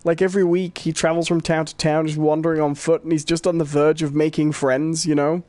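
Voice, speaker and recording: A man's voice: a little high, level tone, fairly quick, darkish tone, no echo. A man with a British accent co-hosting a pop-culture podcast in casual chat, chatty and jokey, laughing often. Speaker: podcast co-host.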